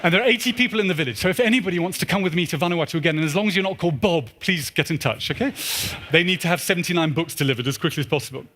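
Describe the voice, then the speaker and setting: A man in his forties giving a humorous storytelling talk in a large church, animated and acting out the dialogue. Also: a little high, very fast. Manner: animated, acts out dialogue in put-on voices. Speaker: keynote speaker.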